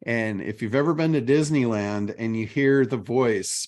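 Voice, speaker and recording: Middle-aged man, podcast host, casual chat, animated storytelling, mid-range pitch. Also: normal speed, few pauses.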